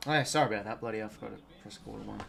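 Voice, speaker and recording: A man's voice: on the low side, very fast, gravelly, bright, forceful tone. A young Australian man giving casual live commentary on a football game, chatty and rambling, with self-deprecating asides to his viewers. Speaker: live watch-along commentator.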